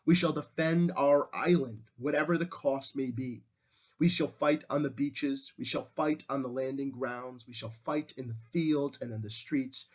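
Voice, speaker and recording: A defiant wartime leader giving a big rousing speech, as a man reads it out in class. he talks in solemn, measured tones, in a mid-range voice. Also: medium pitch, steady tone, close to an everyday voice. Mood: resolute.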